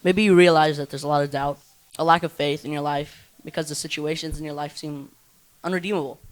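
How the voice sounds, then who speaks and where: A man leading an altar call in a church service, earnest and measured. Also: on the high side, steady tone.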